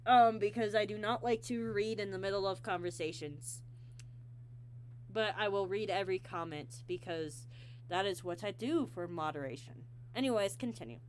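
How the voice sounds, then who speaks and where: A woman hosting a casual livestream interview, talking haltingly with lots of fillers and bursts of giggling. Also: medium pitch, a little hiss or hum. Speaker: stream host.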